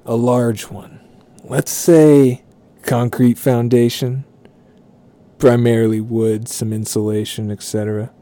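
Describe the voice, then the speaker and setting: A man voicing a calm, creepy stranger who speaks deadpan and politely menacing. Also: mid-range voice, takes it slowly, lightly acted. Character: creepy calm man asking about arson.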